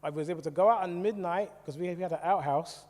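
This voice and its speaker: Man from the West Indies telling his story to a congregation in a chatty way; warm, somewhat high voice in a hall with long reverb. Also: fast talker. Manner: conversational, asks the audience questions. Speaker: church speaker. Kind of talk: testimony talk to a congregation. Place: church hall.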